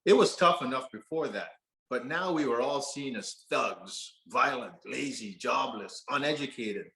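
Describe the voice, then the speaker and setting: This Canadian man's medium-pitched voice is animated yet unhurried, creaky, and fairly bright. He is giving an earnest, conversational storytelling talk from a stage, laughing at times, and the recording carries a roomy auditorium echo.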